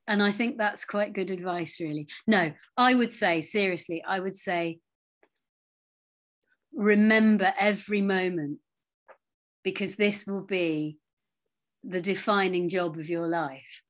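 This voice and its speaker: A middle-aged woman, an actress, telling anecdotes in a relaxed interview, with quiet asides and lively storytelling. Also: mid-range voice, measured pace.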